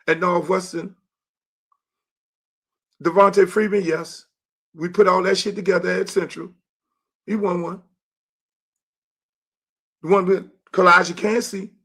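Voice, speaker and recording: A middle-aged man, hosting his show and ranting angrily about a coach in a profane monologue that rises into shouts. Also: high-pitched. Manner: angry, profane, rising to shouts. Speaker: show host and youth football coach. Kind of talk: heated monologue.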